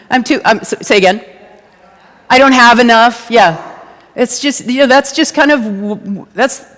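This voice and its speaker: Lively woman preaching in a reverberant hall. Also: fairly high pitch. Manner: lively, playful, asks the congregation to answer back. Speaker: guest speaker at a church service. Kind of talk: conversational sermon. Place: church sanctuary before a congregation.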